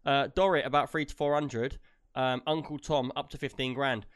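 A man co-hosting a casual show, chatting in excitable, slangy banter and laughing often. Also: mid-range voice, normal speed, clean tone. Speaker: podcast co-host. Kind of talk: casual chat.

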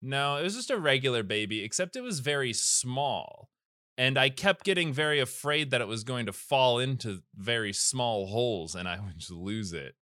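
A man's voice: medium pitch, expressive, moderate pace, sharp tone, no echo, studio quality. A young man co-hosting a podcast, joking and self-mocking, often trailing off into mumbles. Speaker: podcast co-host. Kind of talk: casual chat.

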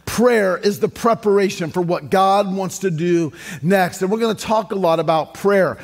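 A man's voice: sits high, moderate pace. A male pastor, preaching a sermon in an upbeat, joking, sing-song cadence. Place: church sanctuary.

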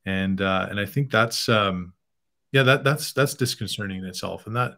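Earnest, low-voiced male podcast guest. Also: pushed and bright. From Canada. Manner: earnest, measured, with fillers. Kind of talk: podcast conversation.

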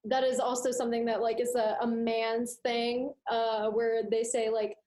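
A woman's voice: on the high side, moderate pace. A young woman, a student co-host, chatting casually with lots of fillers and acting out quoted voices. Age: young adult. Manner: animated, acts out quoted voices, many fillers. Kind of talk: casual chat. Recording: echoey room.

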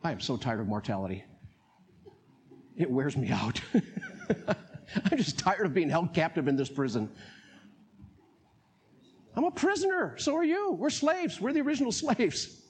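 A man with a North Carolina accent preaching a sermon as pastor, animated, laughing often and acting out voices. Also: high voice, a little slow, pauses often, a little hiss or hum.

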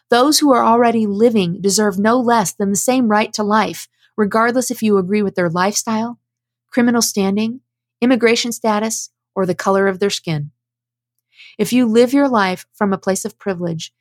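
A woman's voice: mid-range voice, dry recording. A woman giving impassioned spoken commentary, earnest and emphatic, at times preaching as she reads out prepared statements.

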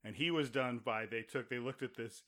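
Bright-toned joking man podcast host. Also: medium pitch, normal speed. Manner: animated, jokey, drops into impressions. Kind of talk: casual chat, storytelling.

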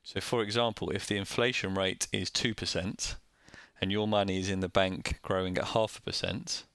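A man's voice: low voice, steady tone, normal speed, fairly bright tone, smooth, no echo. A man with a Northern English accent, co-hosting a casual chat and explaining things in plain, joking terms. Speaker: co-host.

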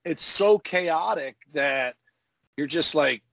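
A man, a former wrestler, telling profane, animated stories in casual podcast chat. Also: a little high, takes it slowly, vocal fry, dry recording. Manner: profane, animated storyteller acting out moves. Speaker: retired pro wrestler, podcast host.

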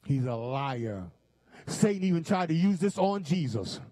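A man preaching a sermon, quoting scripture with emphatic pauses and sudden shifts in pace. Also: a little high, animated, warm tone.

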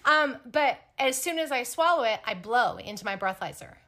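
Bright-voiced woman telling a story. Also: fairly high pitch, a little fast. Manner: animated, blunt, swears freely. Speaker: podcast host. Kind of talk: casual storytelling.

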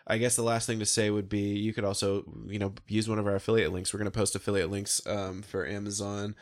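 A man's voice: on the low side, flat delivery, fast talker. A man co-hosting a casual podcast, sick with a nasal voice, joking and rambling with lots of fillers. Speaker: podcast co-host.

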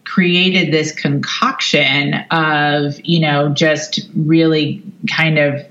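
Guest, woman, low and slow delivery, thoughtful, muffled lo-fi recording. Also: little pitch movement, fairly bright tone. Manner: measured, many "you know" fillers. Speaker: business coach guest. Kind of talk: reflective interview answers.

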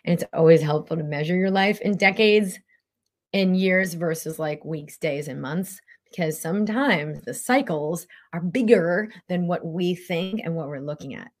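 A woman's voice: fairly low pitch, normal speed. A middle-aged woman, a spiritual coach, talking casually and animatedly, full of fillers and acted-out quotes. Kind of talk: casual motivational talk.

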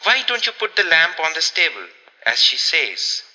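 A man's voice: fairly high pitch, very animated, normal speed, bright, forceful tone, in a large hall, heavily acted, low-quality recording. A man reading aloud, voicing a stern, fierce woman who speaks in clipped commands. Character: stern, fierce grown woman, elder sister.

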